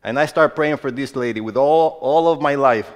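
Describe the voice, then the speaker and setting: A man preaching a sermon as a pastor, who moves between hushed storytelling and loud, emphatic exhortation. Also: medium pitch, normal speed. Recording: long reverb of a large hall.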